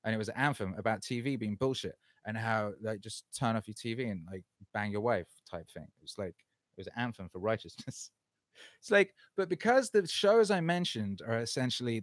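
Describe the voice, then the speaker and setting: A man's voice: on the low side, no echo. Profane ranting man on a live stream. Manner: profane, ranting, swings from angry to cheerful. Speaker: music producer hosting a live stream. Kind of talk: casual live-stream chat, reading viewer questions.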